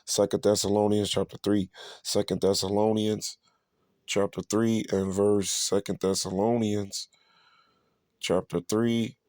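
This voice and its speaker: Man, ranting preacher, repetitive, profane, drawn-out stresses, deep-ish voice. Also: little pitch movement, darkish tone, no room sound. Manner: profane, repetitive, keeps asking "you see?". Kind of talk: ranting street sermon commentary.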